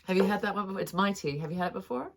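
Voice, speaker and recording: A woman's voice: mid-range voice, very fast, vocal fry, slight background noise. A woman co-hosting a casual morning chat show from a cabin, chatty and laughing often. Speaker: co-host. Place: cabin indoors.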